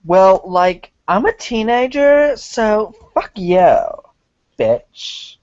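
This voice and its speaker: A man's voice: sits high, big pitch swings, drawn-out words, darkish tone, no echo, lo-fi sound, voice pushed up, full character voice. A man putting on a snotty swearing teenage girl. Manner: valley-girl drawl, insulting.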